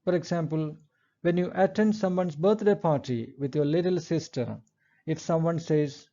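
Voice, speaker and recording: A man giving a recorded English lecture, explaining step by step in a measured way and reading example sentences aloud. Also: on the high side, dark tone, muffled recording.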